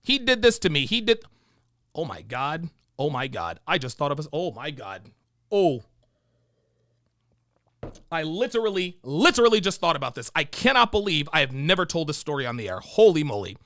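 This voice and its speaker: A male livestream host giving profane, animated commentary on videos, reading out viewer donations and telling stories. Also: fairly high pitch, normal speed, dry recording, clean studio sound.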